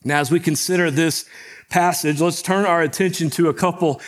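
A man gives a sermon in a slightly raised voice. He preaches like he is talking with the congregation, keeps asking them to follow along, and gets lively in the story before turning gentle to explain it. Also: fairly high pitch, moderate pace. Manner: conversational, often asks "right?" to the congregation. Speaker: pastor.

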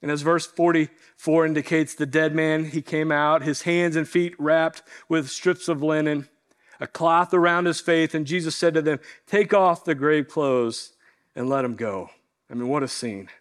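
A man preaching a sermon, telling stories earnestly and slowing down to stress key points. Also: fairly high pitch, fairly even intonation, clear, resonant tone. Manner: earnest storytelling preacher, slows for emphasis. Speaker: pastor.

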